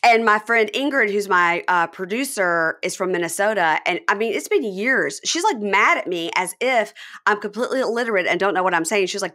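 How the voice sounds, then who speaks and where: A woman's voice: medium pitch, lively intonation, fairly quick, hardly any pauses, pushed and bright. A woman from Mississippi with a Southern accent, hosting a podcast in casual, chatty conversation and telling stories with animation. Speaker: podcast host. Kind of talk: casual chat.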